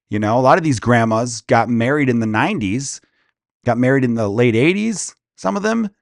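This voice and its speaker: A man's voice: medium pitch, no room sound, studio quality. A man in his thirties, a stand-up comedian hosting his own podcast, telling a rambling, self-interrupting comic story in casual rant style.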